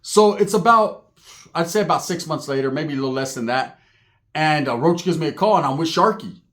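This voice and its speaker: A man from Northern California spins a crude street story, swearing constantly and checking in with "right?". His voice sits a little high, and he tells it in a casual, animated way. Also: fairly quick. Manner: profane, animated, rhetorical "right?".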